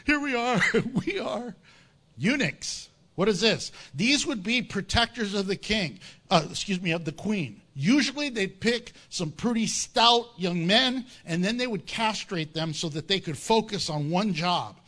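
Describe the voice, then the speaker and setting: A man's voice: sits high, normal speed, hardly any pauses. A man preaching a sermon, telling a story with jokes and acting out the characters' lines. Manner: animated storytelling with jokes and acted-out voices. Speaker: pastor.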